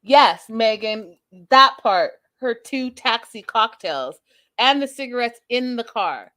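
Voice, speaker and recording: A woman hosting a casual recap show in a fairly high voice. She talks bluntly and sassily and swears freely. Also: lively intonation, slow, sharp tone. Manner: blunt, sassy, profane. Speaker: host.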